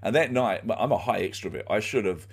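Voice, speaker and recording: A man's voice: on the low side, brisk, breathy edge. A middle-aged man, an author guest in an interview, telling his story candidly and animatedly with plenty of fillers. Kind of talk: conversational storytelling.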